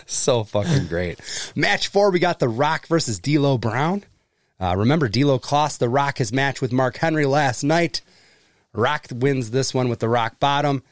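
A man's voice: medium pitch, animated, measured pace, no echo, studio quality. A man co-hosting a podcast, recapping in casual chat, laughing often and swearing casually. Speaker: podcast co-host.

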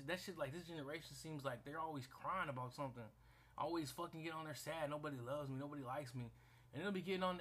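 A man's voice: fairly high pitch, a bit bright. A young man in a casual rant, blunt and profane, who often repeats himself and restarts his sentences.

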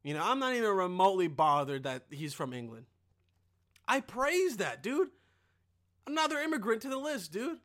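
A man's voice: sits high, very animated, normal speed, fairly bright tone. A young man hosting a podcast, rambling and joking with lots of swearing. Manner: rambling, profane, jokey. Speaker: podcast host. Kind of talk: casual podcast monologue.

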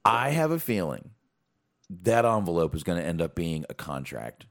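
Deep-voiced animated man chatting casually. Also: normal speed, vocal fry. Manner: profane, animated, rambling with fillers. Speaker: podcast co-host. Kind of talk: casual wrestling recap chat.

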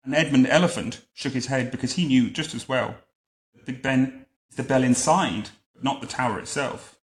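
A man reading a picture book aloud to a child at home, adding wry, deadpan comments between the lines. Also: medium pitch, normal speed. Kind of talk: bedtime story reading with joking asides. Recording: roomy echo.

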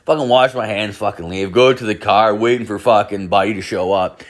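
Young man, crude rambling storyteller, swears constantly, lowish voice. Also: steady tone, fairly quick. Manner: profane, rambling, heavy filler "like".

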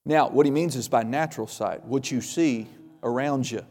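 A man's voice: medium pitch, moderate pace, a little mellow, long reverb tail, soft background music. A male pastor preaching a sermon, emphatic and repetitive, with folksy humor.

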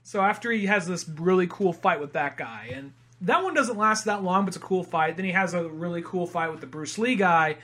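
Young guy joking around on a podcast, bright high voice, all excited. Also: a little fast. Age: young adult. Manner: enthusiastic, joking, acts out voices. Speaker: podcast co-host. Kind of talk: casual chat.

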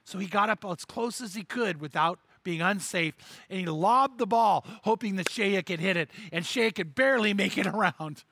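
A man's voice: sits high, normal speed, gravelly, sharp tone, a little hiss or hum. A man preaching a sermon and telling a story, acting out the characters' lines with animation and repeating words as he goes.

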